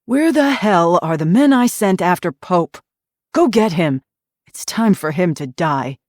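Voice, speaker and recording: A woman narrator voicing a cold, unflappable male mercenary boss who speaks with calm menace and dry sarcasm. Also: on the low side, a little slow, no echo. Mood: commanding.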